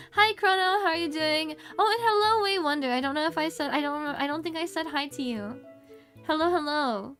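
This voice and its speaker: A young woman streaming casually, rambling and bubbly, breaking into baby-talk squeals and muttering counts under her breath as she plays. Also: high-pitched. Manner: mutters counts quietly while concentrating. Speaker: VTuber streamer. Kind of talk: casual livestream chat while gaming.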